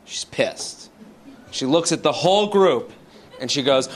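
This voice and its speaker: A man performing a stand-up comedy set, animated and shouting out the lines he mimics. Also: extremely high pitch, unhurried. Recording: live club set with audience noise. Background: audience laughter.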